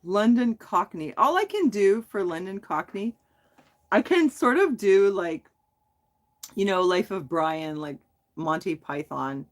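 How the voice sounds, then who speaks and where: Speaking in a mid-range, unhurried voice, a middle-aged woman chats casually with viewers on her livestream. She's giggly and self-deprecating, rambling and laughing at herself with lively, animated rises and falls in her voice.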